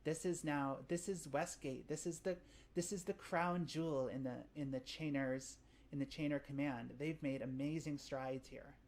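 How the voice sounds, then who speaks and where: A woman's voice: deep voice, steady tone, moderate pace, a little mellow, close to an everyday voice. A woman voicing an eager, idealistic young female recruit who gushes with enthusiasm in a tabletop game. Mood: gushing. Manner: gushing, breathless enthusiasm.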